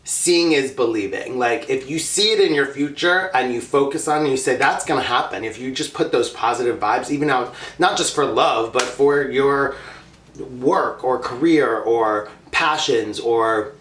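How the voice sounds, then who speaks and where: A man's voice: mid-range voice, moderate pace, a bit bright, roomy sound. Chatty man vlogging with his mouth full. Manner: chatty, laughing, talking while eating candy. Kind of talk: casual mukbang chat.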